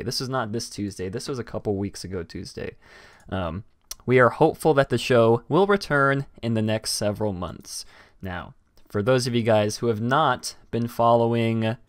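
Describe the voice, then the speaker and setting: A man's voice: medium pitch, dry recording. Rambling male stream host, dry sound. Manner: rambling, many fillers and restarts. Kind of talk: casual livestream chat.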